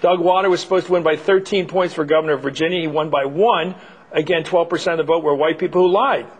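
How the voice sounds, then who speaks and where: A man's voice: a little high, quick pace, breathy edge. A man hosting a TV interview, questioning bluntly and pushily and cutting in on his guest. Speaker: talk show host.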